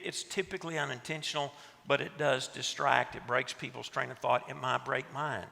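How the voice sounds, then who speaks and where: Nasal West Texas man with a gravelly edge. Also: medium pitch, sharp tone, a little hiss or hum. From West Texas, USA. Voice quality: nasal twang. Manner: self-deprecating, joking storyteller. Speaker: conference teacher at church. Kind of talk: teaching talk to a seated audience. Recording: long reverb of a large room.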